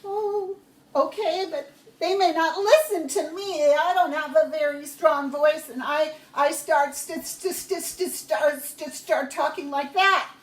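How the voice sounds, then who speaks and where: A woman's voice: extremely high pitch, flat delivery, slow, long pauses, warm tone, roomy sound, pitched above the performer's own voice. A woman voicing a timid young man who stammers nervously, in a storytelling reading.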